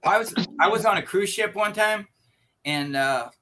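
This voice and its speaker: A man's voice: high voice, expressive, moderate pace, sharp tone. A man hosting a casual online chat, telling anecdotes and laughing easily. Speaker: host.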